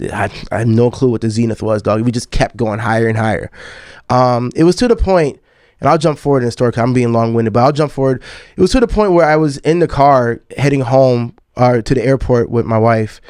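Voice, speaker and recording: A man's voice: medium pitch, darkish tone, no echo, studio quality. A man in his thirties, a podcast host and DJ, telling a long personal story in a casual, profane way and often calling the listener "dog.". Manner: laid-back and profane, calls the listener "dog".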